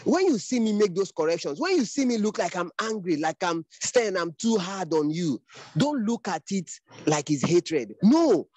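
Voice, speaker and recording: Man, middle-aged, instructor on a video call; earnest fatherly lecturing, slightly high voice, dry close sound. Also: very animated, moderate pace, darkish tone, no room sound. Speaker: training instructor. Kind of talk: online class talk.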